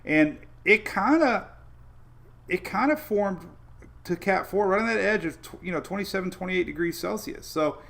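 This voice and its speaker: A man's voice: high-pitched, animated, normal speed, creaky, a bit bright. A man hosting a casual weather livestream, rambling through maps with many fillers and restarts and greeting viewers by name. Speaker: weather show host.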